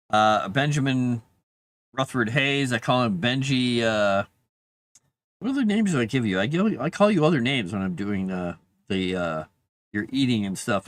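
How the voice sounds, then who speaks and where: Man musing aloud with a lively voice. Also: mid-range voice. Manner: talks softly to his dog between musings. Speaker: author streaming live writing. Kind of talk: casual live-stream chat.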